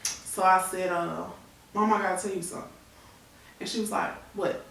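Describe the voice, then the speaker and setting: A talk show guest in her thirties tearfully and candidly recounts a painful personal story, slipping into the voices of the people she quotes. Her fairly low, gravelly yet fairly bright voice holds a steady tone at a moderate pace. She sits well back from the mic in a strongly echoing room, with a little hiss or hum.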